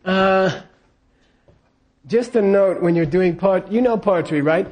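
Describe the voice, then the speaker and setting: Speaking slowly with long pauses, this scripture teacher has a high-sitting, slightly mellow voice. He leads his class through call-and-response repetition of lines, checking on the students again and again.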